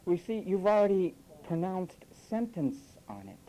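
Lively, sarcastic preacher with a mellow voice. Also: mid-range voice, moderate pace, slight background noise, rough recording. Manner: sarcastic, mocks quoted phrases with acted voices. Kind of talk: sermon.

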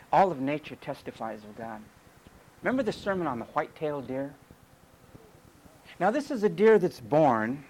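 A man's voice: medium pitch, a little hiss or hum, poor audio. A male preacher delivering an emphatic sermon full of rhetorical questions.

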